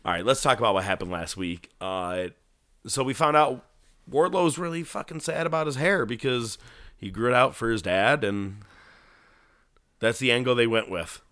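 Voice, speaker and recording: Animated, bright-voiced man telling stories. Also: medium pitch, moderate pace, dry recording, clean studio sound. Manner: animated storytelling, swearing, acts out movie lines. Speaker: podcast co-host. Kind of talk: casual wrestling chat.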